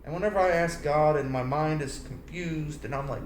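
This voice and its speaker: A Christian speaker gives a preachy personal talk on love and marriage, telling stories animatedly, acting out voices and singing snippets. His voice sits on the high side at a moderate pace with hardly any pauses. The room has a roomy echo and faint background noise.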